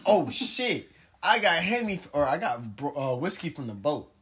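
A young man in a loose chat among friends, blunt and always ready to cut in. His voice is bright and tense, with a lot of movement in pitch. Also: sing-song. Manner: blunt, quick to cut in and correct.

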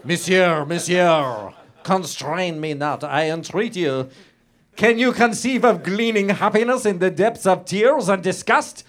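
Unhurried and a bit bright, this man's voice gives a dramatic reading as a lecherous French nobleman full of pomposity, a comedy podcast character he's improvising. The put-on accent comes with broken English that's florid and lip-smacking. He reads theatrically, going high and pleading to voice the victim.

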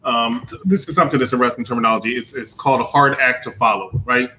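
A man's voice: medium pitch, fast talker, sharp tone, a little hiss or hum, rough recording. A man co-hosting a podcast in casual chat, wry with chuckling asides. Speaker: podcast co-host.

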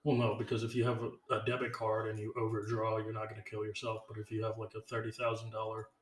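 A young man co-hosting a podcast, sounding tired and run-down, with a deadpan, mumbly, sarcastic delivery. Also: on the low side, fast. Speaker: podcast co-host. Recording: roomy with faint background noise.

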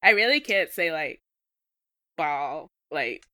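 Southern-accented woman co-host, laughs easily, loses her thread, bright, lively delivery. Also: fairly low pitch, normal speed, no echo, studio quality. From American South. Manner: laughs often, trails off mid-thought. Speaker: podcast co-host. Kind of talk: casual chat.

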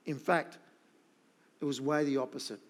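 A man's voice: mid-range voice, fairly even intonation, normal speed. A middle-aged man preaching a sermon, emphatic and repeating his key points. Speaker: pastor.

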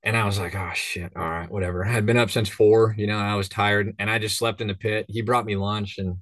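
This man, a northern Minnesota hunting guide, talks casually on a podcast, wandering from story to story and performing the characters' voices. He speaks briskly in a fairly low, steady voice with a fairly bright tone, captured dry and clean in a studio.

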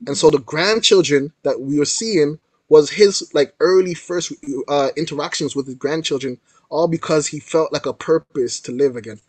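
A man's voice: fairly high pitch, normal speed, husky, no room sound. A young man, a guest artist, telling a story in a casual, slangy interview style. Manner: animated storyteller, slangy with frequent "yo" and "like".

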